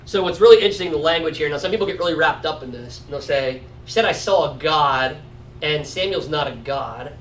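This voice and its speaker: A man leads a casual Bible study, thinking aloud and often checking in with "right?". His voice sits high for a man. He is recorded from a distance in an echoey room with a faint hiss behind him. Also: fairly quick. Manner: conversational, often adds 'right?'. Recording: roomy echo from a distant mic.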